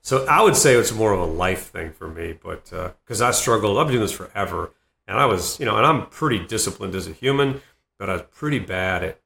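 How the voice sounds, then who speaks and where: A man's voice: on the low side, animated, brisk, gravelly, fairly bright tone. A middle-aged man from Boston, a comedian guest telling rambling stories in a casual podcast interview. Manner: rambling anecdotal storytelling. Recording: roomy echo.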